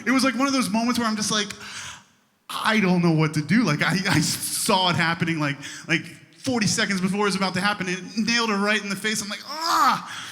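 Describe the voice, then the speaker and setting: A man in his thirties, a youth pastor, telling a funny story in his sermon, animated and laughing, leaping into high exaggerated voices for quotes. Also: fast talker, hardly any pauses. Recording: long hall reverb.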